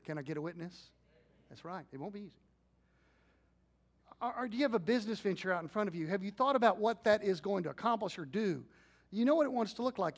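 In a slightly high voice, a middle-aged male pastor delivers a conversational sermon. He puts questions to his congregation and slips into quiet, intimate asides.

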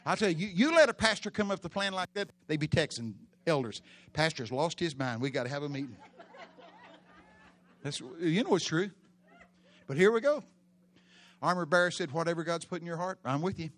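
Animated bright-voiced man preaching. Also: fairly high pitch, fairly quick, long pauses. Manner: animated storytelling preacher, bursts into loud acted quotes. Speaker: pastor. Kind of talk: sermon. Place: church.

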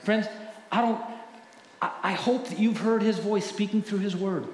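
A middle-aged male pastor preaching a sermon earnestly, often dropping to a hushed voice when telling stories. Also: sits high, normal speed. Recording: echoey hall with faint ambience.

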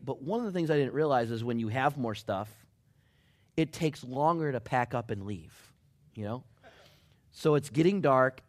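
A middle-aged male pastor telling a mission story in a sermon, acting out what people said, shouting at the peaks and dropping low and quiet. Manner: animated, acts out quotes, shouts at peaks then drops low.

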